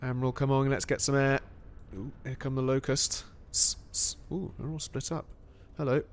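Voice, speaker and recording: A man giving excitable, animated play-by-play commentary on a strategy game. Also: mid-range voice, moderate pace, slight background noise.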